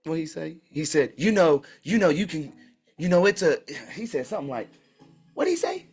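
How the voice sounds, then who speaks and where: A man hosting his own channel tells a story in a casual, animated way, full of slang and remarks aimed straight at his listeners. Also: a little high, moderate pace, breathy edge, faint music behind. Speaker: channel host.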